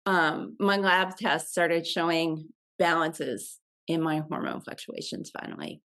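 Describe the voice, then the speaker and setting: A woman in her forties, a health coach as guest, talking in a casual, reflective way with hesitant pauses. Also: low voice, fairly bright tone. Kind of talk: casual interview chat.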